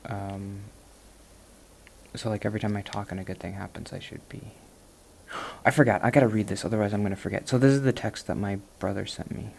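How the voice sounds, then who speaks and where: A man's voice: lowish voice, steady tone, brisk, gravelly, a little mellow, slightly rough. A man chatting casually while he plays, rambling and self-deprecating. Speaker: gaming vlogger.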